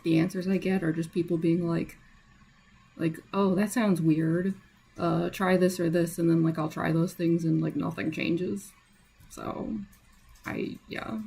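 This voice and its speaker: Chatty young woman, gravelly edge. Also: on the low side, warm tone. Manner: chatty, lots of fillers and laughs, greets viewers. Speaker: livestreaming artist. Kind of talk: casual livestream chat.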